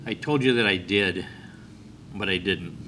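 A man's voice: low-pitched, measured pace, pushed and bright, slight background noise. A man voicing an anxious, honest six-year-old girl in a sermon story, speaking earnestly. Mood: worried, confessing.

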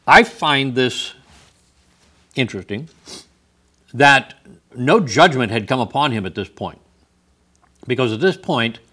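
A man's voice: medium pitch, sharp tone. A man preaching a sermon who reads scripture aloud and comments on it with wry humor.

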